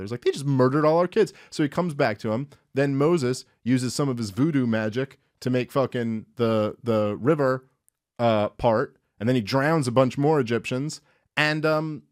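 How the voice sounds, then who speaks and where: A man hosting a casual talk show, mid-pitched and close to a dry mic. He swears freely and keeps the retelling animated, acting out characters in quick voices. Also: no room sound. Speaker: podcast host. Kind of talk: irreverent comedic retelling and commentary.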